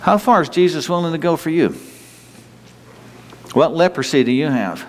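A man's voice: expressive, normal speed. Earnest preacher guy, lots of restarts, hall echo trailing behind him. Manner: earnest, repeats and restarts, swings up and down in pitch. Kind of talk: sermon. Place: church hall. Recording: long reverb of a hall.

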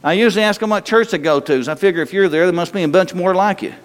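A man's voice: high voice, rapid-fire. A man preaching a sermon in a folksy, humorous way, with restarts and sudden bursts of emphasis. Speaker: pastor. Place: church sanctuary. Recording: long hall reverb.

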